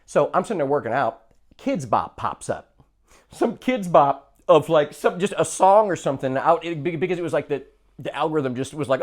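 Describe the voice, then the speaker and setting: Man, podcast co-host, rambling animated stories, lively swooping pitch, slightly high voice. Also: a little fast. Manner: rambling storyteller, animated, acts out quotes. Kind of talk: casual comedic chat.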